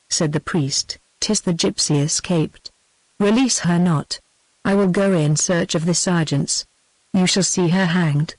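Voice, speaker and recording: A synthetic text-to-speech voice of a British woman reading a novel aloud in an even, machine-read way, sometimes speaking punctuation marks aloud. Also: on the low side, no room sound, poor audio. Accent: British English. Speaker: narrator. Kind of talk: scripted audiobook narration.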